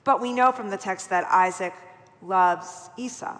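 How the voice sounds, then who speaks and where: A middle-aged woman leading Torah study in a conversational, animated way, often checking in with "right?". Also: mid-range voice, a little slow. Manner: chatty, animated, peppered with "right?". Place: large synagogue sanctuary. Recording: long hall reverb from a live broadcast.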